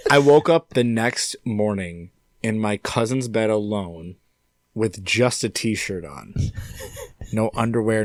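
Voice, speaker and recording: Animated young man telling a story, low voice. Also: dry recording. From upstate New York. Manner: animated, swears freely, laughs through his story. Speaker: podcast guest, singer-songwriter. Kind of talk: casual storytelling.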